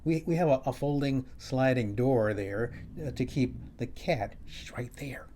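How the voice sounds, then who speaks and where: A male comedian telling a wry story at home in a halting, restarting way. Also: mid-range voice, dark tone, a little hiss or hum. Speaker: comedian and host. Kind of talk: storytelling monologue. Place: his home, upstairs.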